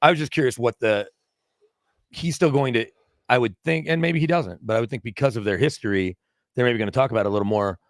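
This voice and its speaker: A man's voice: medium pitch, quick pace, no room sound, clean studio sound. A man co-hosting a casual sports chat, telling rambling stories.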